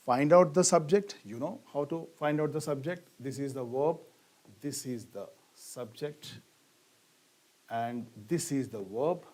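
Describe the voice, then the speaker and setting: A man's voice: medium pitch, unhurried, darkish tone. A middle-aged man, teaching a grammar lesson and asking the class questions that he then answers himself, leaning hard on key words. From India.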